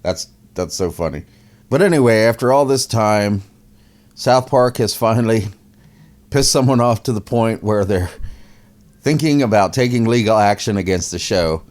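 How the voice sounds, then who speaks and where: A man with a somewhat low voice hosts a casual commentary podcast. He mocks his subject with a sarcastic edge, laughs often and repeats his words as he talks. His delivery is loose and conversational. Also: moderate pace, a little mellow.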